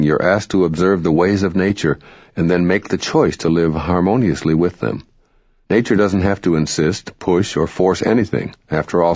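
A man reading spiritual self-help narration in a calm, measured, instructive way. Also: low-pitched, breathy edge, no room sound. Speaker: audiobook narrator. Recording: dry, dull lo-fi recording.

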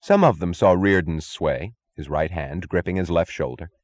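A man reading a novel aloud as an audiobook narrator, with steady, expressive storytelling. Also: sits low, moderate pace, dry recording. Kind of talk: scripted narration.

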